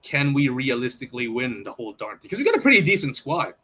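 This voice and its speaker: A man with a bright, forward-sounding voice hosts a casual sports talk show. He poses questions to his panel and often stops to rephrase mid-sentence. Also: medium pitch, very animated, fast, breathy edge. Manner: asks questions, hesitant restarts. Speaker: podcast host.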